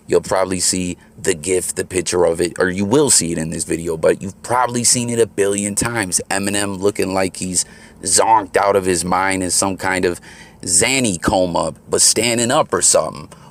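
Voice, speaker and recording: A man's voice: sits low, moderate pace, gravelly. A man hosting his own channel, giving laid-back, slangy commentary while out moving around. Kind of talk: casual commentary. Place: outdoors on the move.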